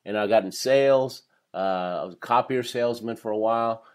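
A man's voice: on the low side, fairly quick. A man in his fifties, a professional speaker, telling his life story in a podcast interview with energy and frequent laughter. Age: 50s.

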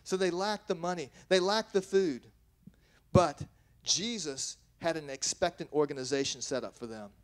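Reading scripture and then explaining it, this pastor preaches in an earnest, plain-spoken way, often restarting his sentences and correcting himself. His voice is a little high and moves at a normal speed.

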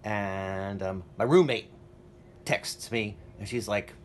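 A man's voice: on the low side, slow, slight background noise. A man vlogging a casual first-person story at home, rambling and plain-spoken with many fillers. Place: his apartment and building, walking around.

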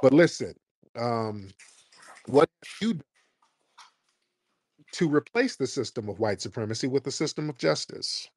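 A man's voice: medium pitch, lively intonation, a little slow, long pauses, slightly rough, dry recording, clean studio sound. Blunt, lecturing male radio host. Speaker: radio talk show host. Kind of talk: argumentative call-in talk radio.

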